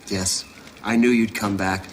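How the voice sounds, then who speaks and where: A man's voice: on the low side, fairly even intonation, a little slow, a little hiss or hum, close to an everyday voice, low-quality recording. An actor playing a wry, dry-witted father in a studio sitcom, delivering teasing wisecracks. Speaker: sitcom lead.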